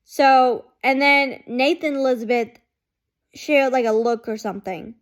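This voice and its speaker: A woman's voice: sits high, unhurried. A woman chatting casually to her camera as a fan vlogger, rambling and saying "like" constantly. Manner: rambling, heavy use of "like", chatty. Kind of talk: casual chat.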